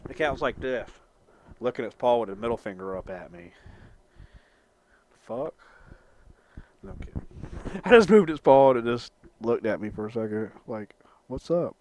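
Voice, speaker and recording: Male vlogger, mid-pitched, rambling and crude, jokey throughout. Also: expressive, normal speed, darkish tone. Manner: profane, joking, rambling. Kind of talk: casual rambling vlog talk.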